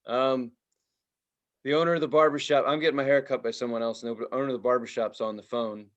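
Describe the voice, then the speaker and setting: A man co-hosting a podcast, telling stories in casual chat, swearing freely and loudly imitating the people in them. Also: mid-range voice, fast talker, dull audio. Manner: animated storyteller, mimics others loudly, swears freely. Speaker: podcast co-host.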